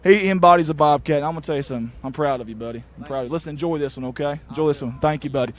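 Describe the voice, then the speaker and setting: A man's voice: on the high side, rapid-fire. Man, sideline reporter, eager and effusive, outdoors on a football field. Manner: excited, warm toward players, repeats "I'm gonna tell you something". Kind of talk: postgame field interviews.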